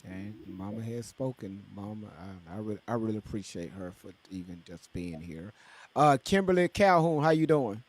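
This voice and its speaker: A woman's voice: rumbling low, expressive, normal speed, a little mellow. A woman hosting a livestream, talking casually and stumbling over words. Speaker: livestream host. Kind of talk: live-stream talk.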